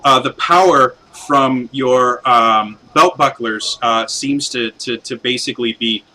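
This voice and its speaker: A man acting as game master who narrates events in a meandering way, stopping often to search for words. His voice sounds bright and forward, at an ordinary pitch. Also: a little slow, slight background noise, poor audio. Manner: rambling, full of fillers and restarts.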